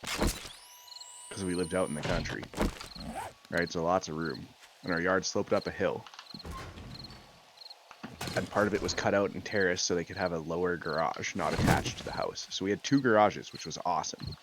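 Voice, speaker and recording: A man's voice: low voice, normal speed, long pauses, very noisy. A man in his thirties telling a rambling story in casual chat while gaming, swearing often and filling with "like". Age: 30s. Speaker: gaming video host.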